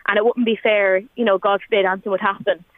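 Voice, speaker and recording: A woman's voice: mid-range voice, little pitch movement, fast, dry recording. A woman in her twenties with an Irish accent, talking in a rambling, chatty way with many fillers as a guest on a radio phone-in. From Ireland. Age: 20s. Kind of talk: emotional radio phone-in chat. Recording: tinny phone line, dry.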